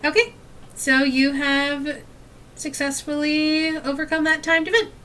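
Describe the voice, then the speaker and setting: Bright-voiced woman leading a board game. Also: high-pitched, flat delivery, unhurried, recorded from a distance. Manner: patient, guiding, laughs often. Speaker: game host explaining the rules. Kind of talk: casual tabletop game play.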